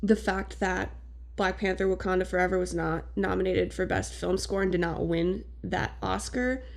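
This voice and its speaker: A woman's voice: lowish voice, fairly even intonation, normal speed, gravelly. Chatty, opinionated podcast woman. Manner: chatty, emphatic movie opinions. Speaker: podcast guest. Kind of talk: casual podcast chat.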